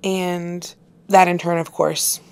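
A woman's voice: lowish voice, little pitch movement, takes it slowly, smooth. A woman, an actress and author, talking earnestly and from the heart as an interview guest. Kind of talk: casual interview conversation.

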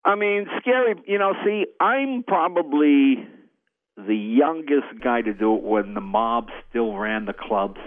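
A man's voice: medium pitch, measured pace, narrow, tinny audio. An older man, a guest comedian, telling anecdotes in casual chat and acting out the people in them. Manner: animated, acts out voices in anecdotes. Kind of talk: casual storytelling.

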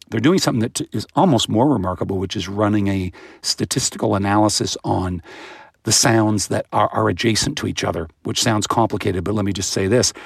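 A man with a low, gravelly voice and a slightly husky edge talks through how babies learn speech, vividly demonstrating sounds as he goes. The recording is close and dry, with no room around him. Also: no room sound. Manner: animated, imitates baby sounds with high-pitched bursts. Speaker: guest expert on voice and language. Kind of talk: explanatory interview answers.

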